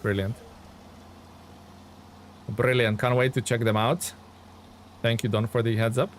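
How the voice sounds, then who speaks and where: An excitable man chatting casually on a live game stream. His voice sits in a middle pitch, and he talks readily to his viewers while he plays. Faint noise hums behind him. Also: measured pace.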